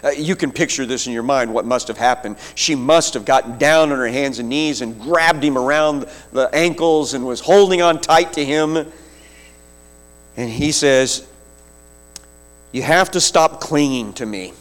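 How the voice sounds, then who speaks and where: A man preaching a sermon, retelling a scripture story vividly with slow, deliberate phrasing. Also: mid-range voice.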